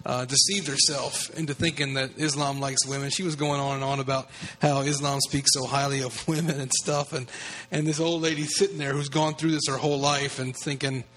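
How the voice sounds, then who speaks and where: A man's voice: mid-range voice, flat delivery, fairly quick, fairly bright tone, a little hiss or hum. A man from the United States, a guest telling a personal story in an earnest, conversational way. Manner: earnest, with frequent restarts. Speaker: guest speaker on evangelism.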